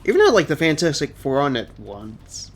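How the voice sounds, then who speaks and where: A man's voice: fairly high pitch, wildly swooping pitch, normal speed. A young man streaming a game, chatting casually and rambling as he answers chat. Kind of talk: casual let's-play commentary.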